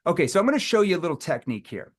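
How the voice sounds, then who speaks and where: A man's voice: high-pitched, racing. A man teaching a live sales training, talking casually and acting out playful lines he uses with prospects. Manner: animated, acts out playful quotes.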